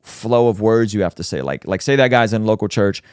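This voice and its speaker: A man's voice: on the low side, a little mellow, clean tone, dry recording. A man as a guest in a podcast studio, asking curious questions in casual chat. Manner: quick, curious questioning, laughs easily.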